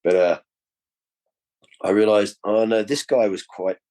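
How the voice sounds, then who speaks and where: A man, a podcast guest, telling animated stories in casual conversation and swearing freely. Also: on the low side, unhurried.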